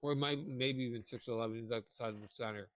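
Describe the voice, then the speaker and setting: A man's voice: medium pitch, steady tone, fast, a bit bright, no echo. A young man co-hosting a podcast, telling a long story in casual chat, rambling with lots of fillers and restarts while eating. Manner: eats while talking. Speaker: podcast co-host.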